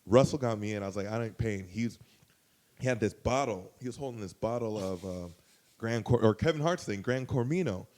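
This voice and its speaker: A young man telling a story on a comedy podcast, casual and profane, lively, with loud outbursts when he quotes people. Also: fairly low pitch, a little fast. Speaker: guest storyteller.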